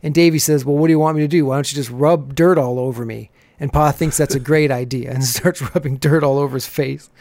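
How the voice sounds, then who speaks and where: A chatty man with a slightly raised pitch hosts a podcast, retelling scenes casually and breaking into laughs as he goes. His voice sits close and dry, with almost no room sound. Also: steady tone, quick pace, few pauses, a little mellow, no room sound. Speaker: podcast host. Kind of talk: casual episode recap.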